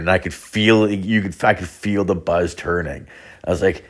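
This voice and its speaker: A man's voice: sits low, steady tone, normal speed. A young man hosting a podcast, telling a rambling, profane story full of "like" and curses. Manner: rambling, profane, heavy use of "like". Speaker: podcast host. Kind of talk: casual storytelling.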